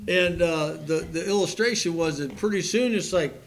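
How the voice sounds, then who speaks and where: A man's voice: a little high, moderate pace. A man preaching a sermon in a folksy storytelling manner, acting out the people in his stories. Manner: folksy storytelling, acts out quoted voices. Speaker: pastor.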